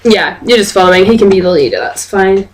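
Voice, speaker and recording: A woman running a tabletop game as game master over an online voice call, relaxed and quick to laugh. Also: medium pitch, slight background noise, rough recording. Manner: relaxed, laughs easily, many fillers.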